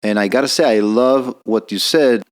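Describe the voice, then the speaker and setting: A man's voice: medium pitch, moderate pace. A man, an emergency physician hosting a podcast, asking questions and affirming his guest's answers. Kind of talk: interview questions.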